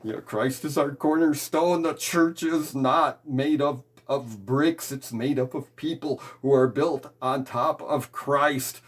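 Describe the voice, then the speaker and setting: A man's voice: medium pitch, steady tone, takes it slowly, few pauses. A man teaching a guitar lesson on hymn chords, explaining patiently step by step.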